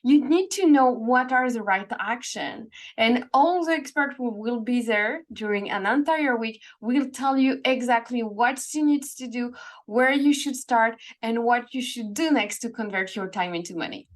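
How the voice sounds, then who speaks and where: Hesitant woman guest, higher-pitched. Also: normal speed. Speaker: guest, business coach. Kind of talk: podcast interview answers.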